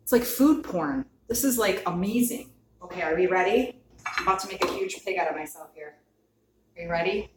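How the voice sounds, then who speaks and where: A woman chatting excitedly to viewers as she cooks and tastes food, gushing and talking straight to the camera. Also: fairly low pitch, fairly quick, a little hiss or hum. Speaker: cooking vlogger. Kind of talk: casual cooking chat to camera. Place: home kitchen. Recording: echoey kitchen, mic at a distance. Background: clinking dishes and cutlery.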